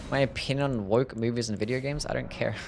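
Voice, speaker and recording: A man's voice: medium pitch, normal speed, vocal fry, a little hiss or hum. Laid-back man with a mild Australian accent. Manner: relaxed, jokey, reads and answers chat. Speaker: game streamer. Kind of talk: casual live-stream chat while gaming.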